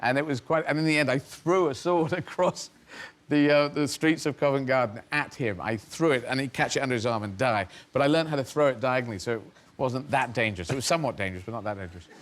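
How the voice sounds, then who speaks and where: A man's voice: medium pitch, quick pace. A middle-aged man from England, a comedian as interview guest, telling rambling, self-mocking stories and laughing mid-sentence. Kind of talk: anecdotal storytelling.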